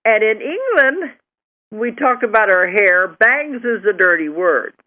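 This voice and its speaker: A woman hosting an interview show, talking in a chatty, expressive way. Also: on the high side, measured pace, dull audio. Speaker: host. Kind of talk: casual interview chat.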